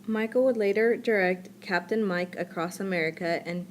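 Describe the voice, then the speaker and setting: A woman narrating a documentary from a script, with a steady, read-aloud delivery. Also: mid-range voice, normal speed, slight background noise.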